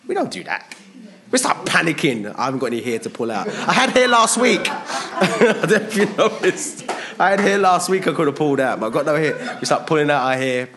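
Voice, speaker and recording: A man preaching a sermon, animated, acting out quotes in different voices and laughing at himself. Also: a little high, a little fast, a crowd in the background.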